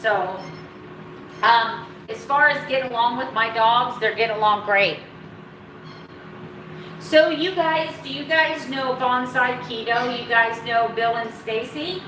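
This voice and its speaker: A woman's voice: a little high, a little slow, sharp tone, slight background noise. A woman casually chatting in a home vlog, bubbly and talkative, breaking into baby talk for her dogs. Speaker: keto vlogger. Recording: echoey room, mic at a distance.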